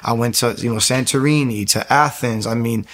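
A young man, a former soldier, giving a personal faith testimony in quick, emphatic bursts with frequent restarts. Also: medium pitch. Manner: fast, emphatic telling with frequent restarts and sudden raised bursts.

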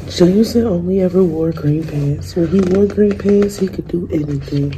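A young woman, a student, reading a children's picture book aloud in a gentle, unhurried way. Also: on the low side, a little hiss or hum, rough recording. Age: young adult. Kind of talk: storybook read-aloud.

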